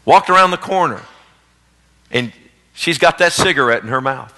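A man preaching a sermon as pastor, swinging between loud exhortation and hushed storytelling. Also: fairly high pitch, animated, moderate pace. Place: church sanctuary, live service. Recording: long reverb of a church hall.

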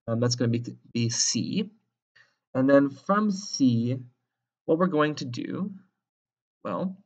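A man's voice: medium pitch, lo-fi sound. A male instructor explaining a drawing step by step in an informal, thinking-aloud way. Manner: casual and thinking aloud, with many restarts. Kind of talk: screen-recorded tutorial.

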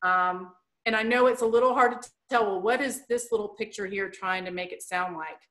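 A woman's voice: medium pitch, brisk, a bit bright. A woman educator giving an online presentation, explaining things plainly and chattily with playful asides.

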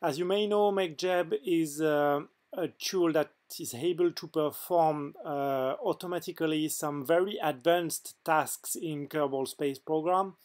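A man with a French accent, French his first language, narrating a software demo in a hesitant way with frequent filler pauses. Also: on the high side. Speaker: game mod developer.

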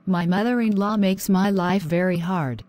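A woman voicing a young married wife in an animated drama, pleading and worn down. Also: mid-range voice, normal speed, lightly acted.

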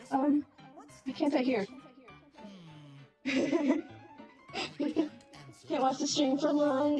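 A bubbly, giggly woman with a high, bright voice chats with her viewers on a home live stream, laughing often and sounding a little flustered. A robot voice filter colours her speech, and faint game music plays quietly behind her. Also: fairly even intonation, unhurried, long pauses. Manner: flustered and self-deprecating. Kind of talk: casual live-stream chat.

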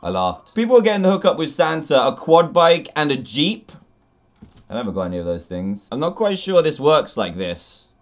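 A man's voice: fairly high pitch, normal speed. A young man with an English accent, commentating as a YouTube host as he reacts to funny clips. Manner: animated, exclaiming and laughing at clips.

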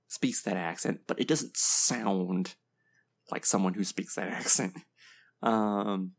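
Gravelly guy ranting about a game trailer, blunt, lots of ums and little laughs. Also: medium pitch. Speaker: video game reaction host. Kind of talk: casual reaction commentary.

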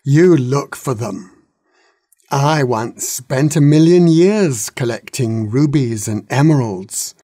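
A man's voice: medium pitch, lively intonation, warm tone, no echo, clean studio sound. A man voicing an ancient, wise old dragon who drones and grumbles in a storybook reading. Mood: grumbling. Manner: droning, slow.

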